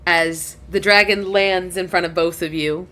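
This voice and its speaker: A woman's voice: fairly low pitch, fairly even intonation, a little slow, sharp tone. A woman narrating as game master in a chatty way, laughing often.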